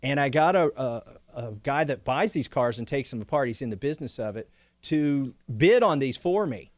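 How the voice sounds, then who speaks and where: A man's voice: mid-range voice, expressive, moderate pace, no echo. A man, a congressman and guest, chatting casually and telling stories with frequent laughter. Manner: chatty storyteller, laughs often. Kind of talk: casual chat.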